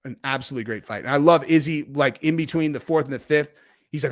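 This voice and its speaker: A man hosting a casual livestream, rambling loosely with frequent fillers and swings from loud to quiet. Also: mid-range voice, a little fast. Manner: animated swings in loudness. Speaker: host.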